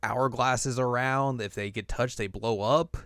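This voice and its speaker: A young man hosting a casual podcast, recapping an anime episode and acting out the characters in high, silly voices. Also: fairly even intonation, measured pace, a bit bright, no echo, clean studio sound. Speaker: podcast host.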